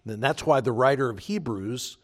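A man's voice: medium pitch, normal speed, a bit bright. A man preaching a sermon as pastor, earnest and emphatic, repeating phrases for weight.

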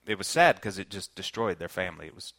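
A Southern man preaches in an earnest, conversational manner, with a bright, forceful tone. His voice sounds close and dry, with no room echo. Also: deep voice, expressive, fast. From Kentucky, United States. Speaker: pastor. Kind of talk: sermon.

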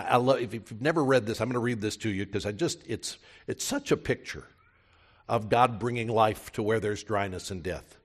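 Low-voiced conversational male pastor. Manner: conversational, direct address with rhetorical questions. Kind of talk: sermon.

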